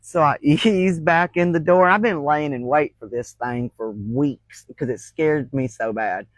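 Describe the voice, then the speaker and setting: A woman's voice: deep voice, a little slow, dry recording, poor audio. A woman, hosting a crafting livestream and telling folksy stories with frequent laughter. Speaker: crafting channel host. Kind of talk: casual livestream storytelling.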